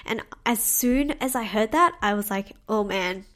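Young female podcast host, slightly high voice, bubbly and chatty, laughs easily. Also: lively intonation, moderate pace, fairly bright tone. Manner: bubbly and chatty, laughs often, addresses listeners as girls. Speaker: podcast host and manifestation coach. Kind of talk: solo podcast storytelling.

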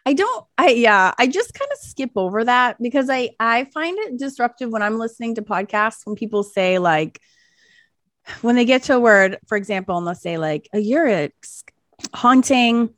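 A woman's voice: fairly high pitch, lively intonation, normal speed, a bit bright, dry recording. A woman co-hosts a folklore podcast in easygoing chat, her voice leaping around a great deal. She sits close to the mic in a dry room and reads old accounts aloud between bursts of laughter. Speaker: podcast co-host. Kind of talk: casual chat, storytelling.

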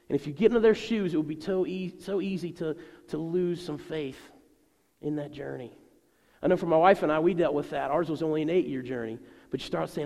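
A middle-aged male pastor preaching a sermon to his congregation in a conversational, animated way. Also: fairly high pitch, fast, creaky. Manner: conversational and animated, voicing people in his stories. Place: church sanctuary. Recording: long reverb of a large church hall.

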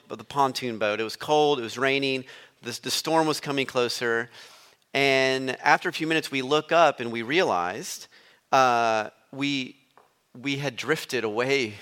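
Bright-voiced male preacher. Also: mid-range voice, smooth. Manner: conversational storytelling. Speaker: guest preacher. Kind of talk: sermon.

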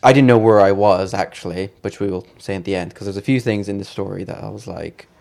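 Man, podcast co-host, lowish voice, animated storyteller. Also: quick pace, creaky. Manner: animated storyteller, acts out voices, laughs often. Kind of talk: casual chat, storytelling.

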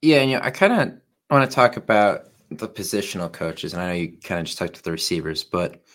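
A man with a somewhat low voice recaps games on a sports podcast. He talks in a relaxed, hedging way, softening his points with filler. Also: fast. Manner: laid-back, hedging with "kinda" and "I guess". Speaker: podcast co-host. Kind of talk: casual sports talk.

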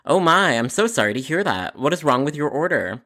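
A man's voice: on the high side, very animated, fairly quick, bright, forceful tone. A man hosting a podcast, narrating a customer service story with an exasperated, sarcastic inner monologue. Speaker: podcast host.

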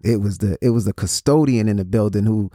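A man's voice: fairly low pitch, a little fast, dark tone, no echo, clean studio sound. A man in his forties giving a motivational talk, preachy in tone, repeating phrases and restarting his sentences. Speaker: motivational speaker.

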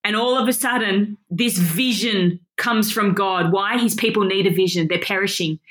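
A woman teaching a Bible study with passion, excited and emphatic, often laughing. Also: mid-range voice, normal speed.

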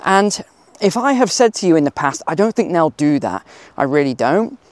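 A man's voice: fairly high pitch, sing-song, moderate pace, dry recording. Chatty man, dry close sound. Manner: chatty, laughing, emphatic asides. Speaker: finance channel host. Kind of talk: casual walking talk. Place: outdoors on a hill.

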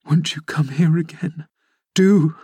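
A man's voice: on the high side, takes it slowly, dark tone, husky, dry recording, pitched above the performer's own voice, heavily acted. A man voicing a dying young woman, bitter and yearning, pleading with feverish passion.

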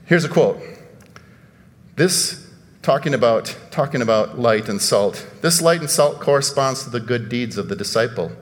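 A male pastor giving a sermon, animated and emphatic, asking rhetorical questions and breaking into sudden outbursts. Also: medium pitch, moderate pace, in a large hall.

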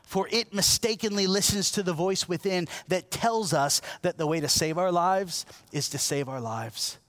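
A man preaching a sermon in a lively, conversational way, asking his congregation questions and swinging between loud, emphatic peaks and quiet, low lines. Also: normal speed, no room sound. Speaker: pastor.

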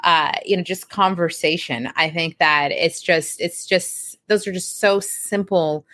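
Lower-voiced encouraging woman host. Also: fairly even intonation, unhurried, sharp tone. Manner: affirming, encouraging, enthusiastic. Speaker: podcast interviewer. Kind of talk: conversational interview hosting.

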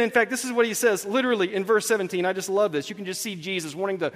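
A man's voice: high voice, fairly even intonation, rapid-fire, long reverb tail. A man preaching a sermon as pastor, telling the story with animation and acting out the dialogue. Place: church hall with congregation.

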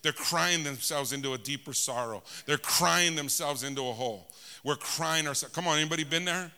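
High, bright-voiced preacher in a hall. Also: male voice, brisk, clean tone. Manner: calls out to the congregation for amens, swings between shouting and hushed tones. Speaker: pastor. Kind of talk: preaching a sermon.

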